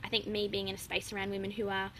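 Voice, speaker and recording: A young woman talks openly and chattily as an interview guest, with plenty of ums and likes. Her voice is bright and forward, and faint noise sits behind it. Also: medium pitch, completely flat delivery, racing, low-quality recording. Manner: open, chatty, laughs often, many fillers. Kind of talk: casual interview chat.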